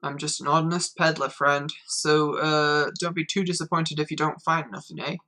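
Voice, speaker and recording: Grizzled old peddler, northern English, low and bright, easygoing game read, voiced by a woman. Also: little pitch movement, moderate pace. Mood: folksy. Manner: folksy, easygoing, reads game text aloud. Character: grizzled old male peddler, gruff and friendly.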